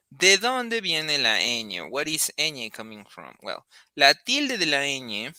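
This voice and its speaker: Man, very bright crisp voice, casual lesson. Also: mid-range voice, dry recording. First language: Spanish. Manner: thinks aloud with frequent restarts and fillers. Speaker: Spanish teacher.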